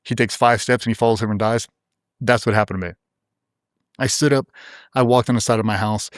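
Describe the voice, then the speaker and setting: A man's voice: fairly low pitch, fairly even intonation, fairly quick, clean tone, dry recording, studio quality. A middle-aged man, a former special operator, telling a vivid, blunt, profane story as a guest in an interview.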